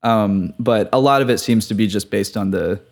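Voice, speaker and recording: A man's voice: fairly low pitch, moderate pace. A man on a podcast casually discussing a film, giving thoughtful, reflective commentary and laughing often. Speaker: podcast panelist.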